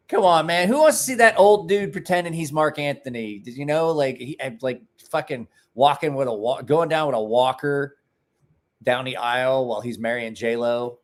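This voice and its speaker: A man's voice: medium pitch, normal speed. Man, mid-range voice, loose profane livestream host chatting with viewers. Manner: rambling, profane, joking asides to chat. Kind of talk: casual livestream chat.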